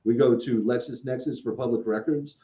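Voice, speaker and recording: A man's voice: medium pitch, fairly even intonation, brisk, reverberant, dull audio. A man in casual podcast chat, a credit repair specialist explaining things at length, often restarting and repeating words.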